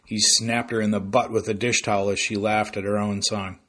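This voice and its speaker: A man reading a novel aloud as narrator in a dry, unhurried way. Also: on the low side, flat delivery, a bit bright. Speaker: audiobook narrator. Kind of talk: scripted narration.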